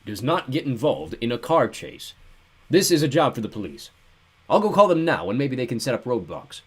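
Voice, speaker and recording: A man's voice: mid-range voice, sing-song, fast talker, pitched above the performer's own voice. Stern officious middle-aged man, as a narrator puts him on.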